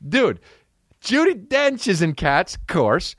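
A male comedy podcast host ranting excitably, with lots of swearing and quick impressions. His pitch swings all over as he talks. The sound is dry and close, with no room around it. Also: no echo. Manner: excitable, swearing, jumping between voices. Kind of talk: profane comedic rant.

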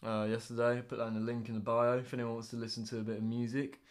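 A man's voice: mid-range voice, monotone, very fast. Young man, dry teasing podcast banter. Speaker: podcast co-host. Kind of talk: casual chat.

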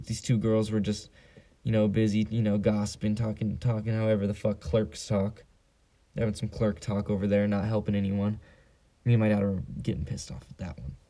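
Gravelly, low-voiced teenage boy ranting. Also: warm tone. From San Diego. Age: teens. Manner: profane, joking storytelling. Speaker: podcast host. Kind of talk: casual solo podcast rant.

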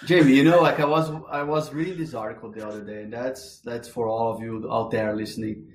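A man's voice: mid-range voice, steady tone, brisk, a little hiss or hum. Male co-host, rambling teasing chat, roomy recording. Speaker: podcast co-host. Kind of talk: casual chat.

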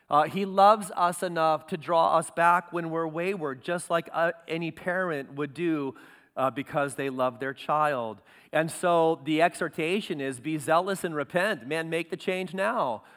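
Earnest preaching man, smooth voice. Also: fairly high pitch, fairly even intonation, measured pace, fairly bright tone, big-room sound. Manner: earnest preaching, rising to emphatic peaks. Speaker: pastor. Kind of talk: sermon.

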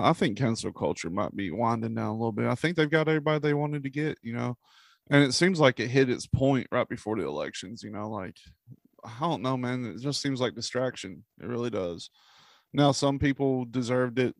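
A man's voice: mid-range voice, moderate pace, vocal fry, no echo, studio quality. A man as a podcast guest in casual chat, laid-back, swearing and laughing often.

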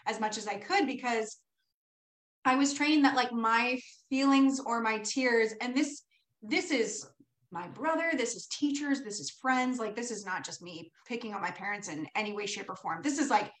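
A woman's voice: a little high, moderate pace, fairly bright tone, echoey room, poor audio. A woman hosting a podcast in casual chat, candid, swearing freely and laughing often. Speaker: podcast host.

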